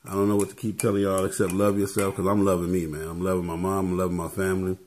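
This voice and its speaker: A man's voice: low-pitched, flat delivery, quick pace, a little mellow. A man giving casual motivational talk as a vlogger, laid-back and tacking "man" onto his phrases.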